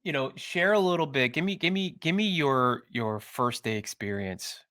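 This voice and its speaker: A man co-hosting a podcast, chatting casually with a relaxed, rambling manner. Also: medium pitch, normal speed, no echo, studio quality. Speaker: podcast co-host. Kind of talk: casual chat.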